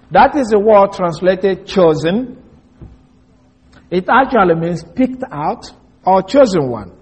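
A man preaching an expository sermon, reading scripture slowly and stressing key words. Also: sits high, slightly rough.

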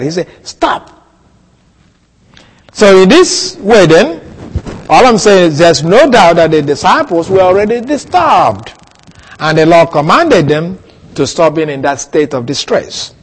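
A man preaching an expository sermon, teaching in a deliberate way and repeating key points for emphasis. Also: a little high, lively intonation, slightly rough. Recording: long reverb of a hall.

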